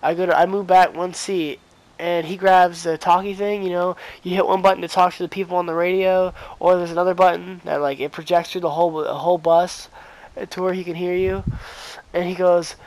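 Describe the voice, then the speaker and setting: A man's voice: sits high, steady tone, brisk, a little mellow, no room sound, low-quality recording. A teenage boy vlogging, rambling through a story with lots of fillers and acted-out dialogue. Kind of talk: casual storytime.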